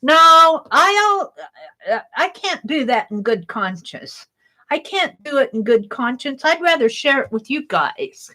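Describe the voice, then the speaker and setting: A woman hosts a casual art livestream and tells a rambling story while she crafts. Her voice sits a little high. She talks warmly to her viewers and giggles often. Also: very animated, a little slow, poor audio. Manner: chatty and rambling, warm toward viewers, frequent giggles.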